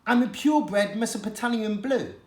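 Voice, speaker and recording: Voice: medium pitch, normal speed, voice pushed up, natural voice. A reader voicing a lost young male cat in a storybook, speaking in an eager, pleading way. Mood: earnest. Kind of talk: story reading to children. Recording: echoey room.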